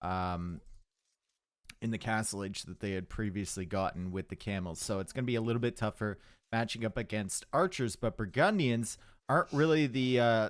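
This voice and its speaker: A man's voice: mid-range voice, dry recording. Chatty man casting a strategy game. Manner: chatty, joking with chat. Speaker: esports caster. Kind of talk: live game commentary.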